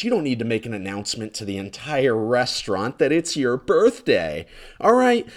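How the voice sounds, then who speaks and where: A man delivering a sarcastic, exasperated comedic rant, swinging between loud outbursts and muttered asides, recorded close up in his condo. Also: medium pitch. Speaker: ranting commentator.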